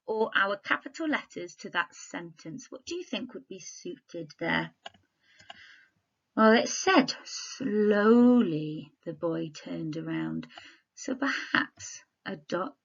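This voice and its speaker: A woman primary school teacher giving a recorded home-learning literacy lesson, speaking clearly and expressively and putting questions and prompts to her pupils. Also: mid-range voice, bright, forceful tone, highs cut off. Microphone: laptop.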